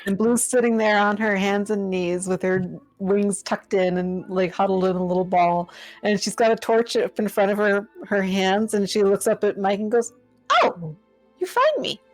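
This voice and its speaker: A woman's voice: medium pitch, little pitch movement, normal speed, a little mellow, no room sound, faint music behind, poor audio. Woman narrating her game character. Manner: descriptive, chatty narration. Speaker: tabletop game player.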